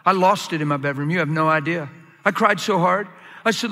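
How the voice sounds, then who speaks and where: A man preaches a sermon with a high, bright and forceful voice. He talks emphatically, jumping up into excited peaks. The sound carries a long reverb, as if from a large hall. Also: fairly quick. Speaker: pastor.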